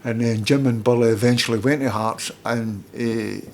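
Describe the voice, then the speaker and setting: A middle-aged Scottish man, a former footballer, telling lively stories in casual chat as a podcast guest and acting out other people's lines. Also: mid-range voice, moderate pace, slight background noise. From Scotland. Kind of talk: casual anecdotal storytelling.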